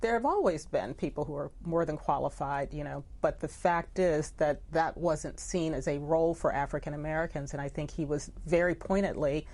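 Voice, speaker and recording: A woman's voice: low-pitched, normal speed, hardly any pauses, a little mellow. A woman who works as a newspaper editor, speaking reflectively in an interview, with many "you know" asides. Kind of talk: conversational interview.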